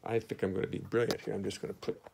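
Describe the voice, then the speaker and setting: A man's voice: level tone, racing, gravelly, darkish tone, slight background noise. A man hosting a musical livestream from his studio, chatting in an easygoing, musing way between songs on a phone mic. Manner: musing, easygoing, talks to himself. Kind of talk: casual rambling chat between songs. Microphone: phone on a stand. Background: his own double bass playing.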